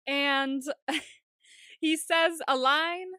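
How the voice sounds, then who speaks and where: A woman's voice: sits high, steady tone, drawn-out words, pushed and bright, no echo, studio quality. A woman co-hosting a podcast, casually recapping a show, laughing often and acting out scenes in different voices. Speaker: podcast co-host.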